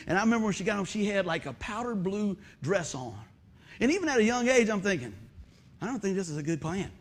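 A middle-aged man preaching a sermon, folksy and conversational, telling animated stories and joking with the congregation. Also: high-pitched. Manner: animated storytelling, acts out shouts and exclamations. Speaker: pastor.

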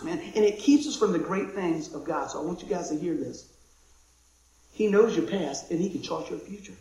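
A man preaching a conversational sermon, excitable and chatty, dropping to a hush and then shouting with excitement. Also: sits high, a little fast. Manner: excitable, conversational, swings from loud to hushed. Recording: very echoey room.

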